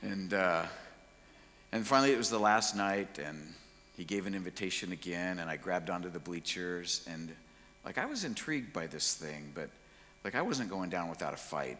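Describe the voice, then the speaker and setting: A man telling his personal story in a casual, slangy, lively way. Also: sits low, moderate pace, big-room sound, a little hiss or hum. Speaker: speaker sharing his testimony.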